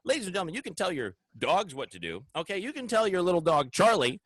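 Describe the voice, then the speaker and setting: Male talk host, heated and ranting, somewhat high voice, very lively pitch, dry sound. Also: quick pace, dry recording. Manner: heated, ranting, addresses audience directly. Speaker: show host. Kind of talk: opinionated political talk show. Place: studio.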